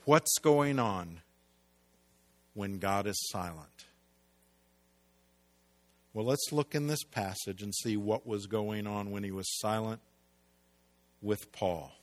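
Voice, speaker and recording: Man preaching with dramatic loud-soft swings. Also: takes it slowly, long pauses. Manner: dramatic swings between loud emphasis and hushed low delivery; rhetorical questions to the congregation. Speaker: pastor. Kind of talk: sermon.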